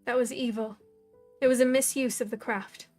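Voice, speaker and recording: An anxious young heroine in a spoken story, stumbling as she pleads, as a woman reader voices her. The voice is fairly high. Soft guitar music hums in the background. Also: steady tone, lightly acted. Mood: pleading. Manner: earnest, pleading, halting.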